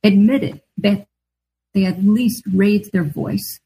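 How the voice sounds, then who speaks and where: A woman's voice: mid-range voice, slow pace, mellow, slightly rough, low-quality recording. A middle-aged woman, an author and guest, telling a personal story in an earnest, confessional way. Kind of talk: storytelling interview answer.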